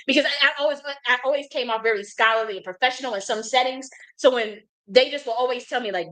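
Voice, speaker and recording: Profane, animated American woman storyteller. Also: fairly high pitch, fast, few pauses, poor audio. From United States. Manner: blunt, profane, animated storyteller with frequent restarts. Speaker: host. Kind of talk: casual storytelling monologue.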